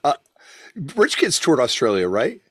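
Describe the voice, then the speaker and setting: A man's voice: mid-range voice, huge pitch swings, a little slow, fairly bright tone, breathy edge, no echo, studio quality. A man hosting a podcast, asking a guest loose, searching questions in a casual interview. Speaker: podcast host.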